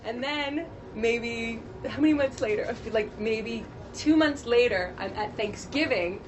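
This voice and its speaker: A voice actress telling stories in an animated, laughing way during a casual convention interview. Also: female voice, on the high side, a little slow. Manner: animated, laughing often, acts out quotes. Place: convention media panel. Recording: noisy convention floor.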